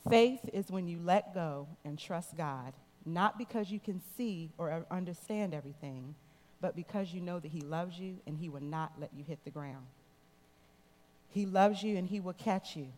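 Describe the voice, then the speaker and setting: Earnest church lady telling a story then praying, lower voice, big echoey sanctuary. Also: normal speed, a little mellow. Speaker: church speaker. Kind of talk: devotional story and prayer. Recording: long reverb in a large hall.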